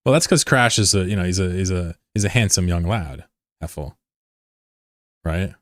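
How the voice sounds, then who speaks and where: Running his game fleet on stream, a man with a low voice chats in a loose, rambling, offhand way, joking and swearing. He's animated yet keeps a measured pace. His desk mic gives a close, dry recording.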